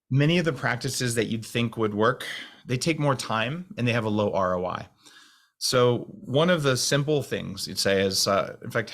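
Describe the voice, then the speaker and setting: A man talking fast and rambling to a group on a call, with many restarts. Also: on the low side. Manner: fast talker with restarts, slows voice to demonstrate calm. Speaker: guest speaker on a video call.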